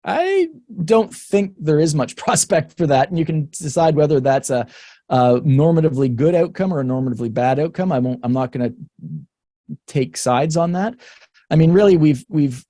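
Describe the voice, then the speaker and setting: Candid Canadian man, mellow dry voice. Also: a little high, expressive, moderate pace, dry recording. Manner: frank, thinking aloud with many restarts; laughs between points. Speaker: researcher guest. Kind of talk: webinar conversation.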